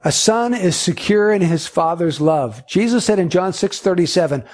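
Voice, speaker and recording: A man's voice: high-pitched, animated, normal speed. A man preaching a sermon, earnest and emphatic, driving points home with repetition. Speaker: pastor.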